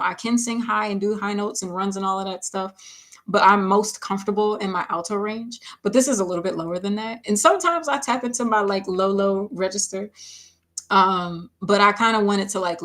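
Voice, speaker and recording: A woman's voice: medium pitch, fairly bright tone. A woman singer chatting casually on a livestream while mixing her own vocals, laughing often and saying "like" a lot. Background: faint music playback.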